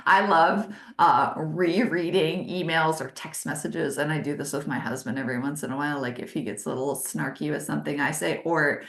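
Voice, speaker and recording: Emphatic forty-something woman, lower-pitched, webinar teacher on a video call, echoey room. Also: brisk, few pauses. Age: 40s. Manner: animated and emphatic, talks with her hands. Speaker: leadership consultant hosting a webinar.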